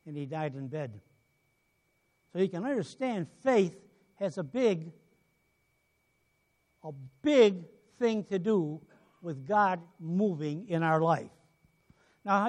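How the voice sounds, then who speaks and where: Male preacher, high voice, storytelling sermon, loud bursts and soft asides. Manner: storytelling, acts out quoted voices, loud bursts then drops quiet.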